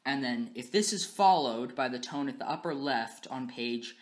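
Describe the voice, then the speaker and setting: A man's voice: mid-range voice, lively intonation, normal speed. A young man giving a class presentation as a language student, explaining things step by step in a methodical way with frequent "um" and "uh" fillers. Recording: roomy echo.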